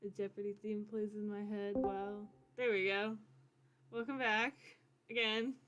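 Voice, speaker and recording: A woman's voice: medium pitch, flat delivery, a little slow, fairly bright tone, lo-fi sound. A woman playing in a tabletop game, describing her character in the third person and giggling often. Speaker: player. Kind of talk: casual tabletop role-play.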